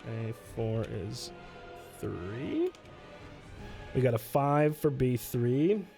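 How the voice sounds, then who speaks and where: A man's voice: medium pitch, big pitch swings, very slow, gravelly, warm tone, faint music behind. A man casually playing through a solo tabletop game on stream, reading rules aloud, answering chat and laughing often. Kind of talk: casual livestream play-through.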